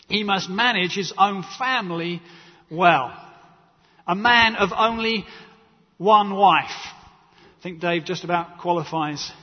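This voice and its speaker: A man preaches in a high, slightly husky voice, his words carrying a long reverb through a church hall. He tells stories with animated energy and acts out what others said. The recording sounds dull and muffled. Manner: animated storytelling with acted quotes and laughter. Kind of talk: sermon.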